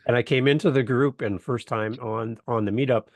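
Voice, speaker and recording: A man's voice: mid-range voice, fairly quick, gravelly, dry recording. A man from Canada, a guest on a podcast, chatting casually and telling stories with jokes. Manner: joking, animated storyteller. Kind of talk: casual interview chat.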